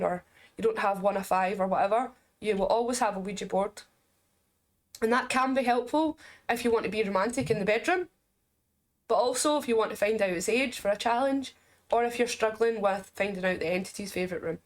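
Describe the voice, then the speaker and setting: A woman with a Scottish accent talks through a game as she plays it. Her voice sits a little high, and she keeps up a chatty, explaining flow with quick jokes on the side. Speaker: game reviewer. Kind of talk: casual gameplay commentary.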